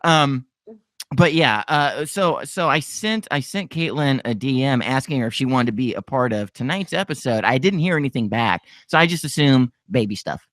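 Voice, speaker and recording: A man hosts a podcast in a loose, joking way, laughing often as his pitch jumps around. The sound is dry and close, with no room echo. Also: lively intonation, moderate pace, fairly bright tone. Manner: laughs often, chatty and self-mocking. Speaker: podcast host. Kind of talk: casual podcast chat.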